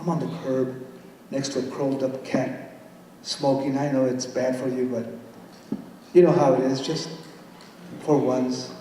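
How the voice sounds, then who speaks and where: A man's voice: mid-range voice, little pitch movement, a little slow, long pauses, dark tone, slight background noise. A man poet giving a playful live reading that switches between English and Spanish. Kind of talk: live poetry reading with banter. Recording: echoey hall from far off.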